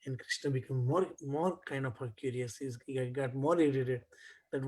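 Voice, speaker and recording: A man telling a devotional story in a class, animated and full of restarts. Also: mid-range voice, normal speed, husky. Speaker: spiritual teacher.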